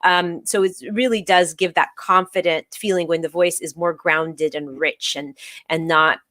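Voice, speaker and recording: A woman host chatting candidly in an interview, talking through her thoughts with some halting restarts. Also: fairly low pitch, fairly even intonation, fairly bright tone, dry recording, studio quality. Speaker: show host. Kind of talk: casual interview chat.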